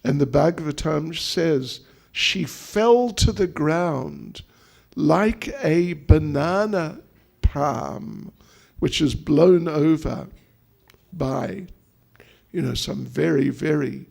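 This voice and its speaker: A monk telling a devotional story in a sermon, animated and acting out the dialogue. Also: male voice, a little high, creaky, breathy edge. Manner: animated storytelling, acts out quotes. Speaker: monk preacher.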